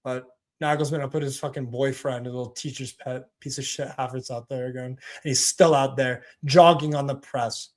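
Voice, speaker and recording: A man's voice: mid-range voice, fairly even intonation, moderate pace, hardly any pauses. A man hosting a live watch-along stream, giving casual commentary in a profane, ranting, mocking way.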